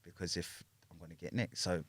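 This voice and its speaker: A man with a London accent and a deep, steady voice, brisk and fairly bright with a breathy edge, speaks with no room sound. As a podcast guest, he tells a story in casual chat, swearing freely and ending his points with a questioning "yeah?".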